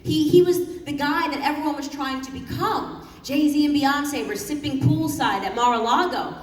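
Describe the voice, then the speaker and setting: Fiery high-voiced woman in echoey hall. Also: normal speed. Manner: fiery, mocking, rising to emphatic peaks. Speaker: keynote speaker at a youth political summit. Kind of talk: impassioned political speech. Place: large conference hall. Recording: echoey hall, heard from a distance, audience noise.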